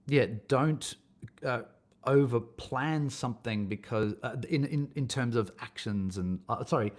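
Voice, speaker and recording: A middle-aged casting director and acting coach appears as a guest on a podcast interview, speaking at a measured pace in a mid-range voice. He comes across as thoughtful and rambling, often restarting his thoughts.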